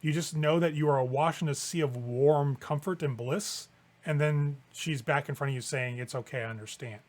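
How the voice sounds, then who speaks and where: A man's voice: fairly high pitch, fairly even intonation, normal speed, darkish tone. A man narrating a tabletop game as game master, descriptive and casual. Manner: descriptive, casual with fillers like "kinda".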